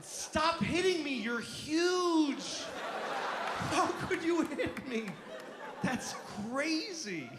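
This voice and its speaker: A man voicing a whiny, dehydrated young boy who shouts and pleads at his mother, recorded live in a club. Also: extremely high pitch, expressive, very slow, a crowd in the background, noisy background, pitched above the performer's own voice, heavily acted. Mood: pleading. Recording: roomy live club with audience laughter.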